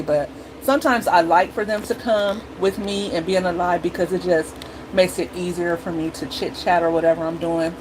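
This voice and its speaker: Middle-aged mom vlogging, kinda low voice, blunt and animated, hissy recording. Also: female voice, fairly quick. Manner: chatty, blunt and animated, acting out her kids and herself. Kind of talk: casual chat to viewers.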